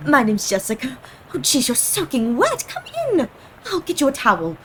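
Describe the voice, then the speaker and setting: A woman's voice: sits high, very animated, moderate pace, background noise, pitched above the performer's own voice. A woman voicing a friendly young woman shopkeeper in a video game, chatty and folksy.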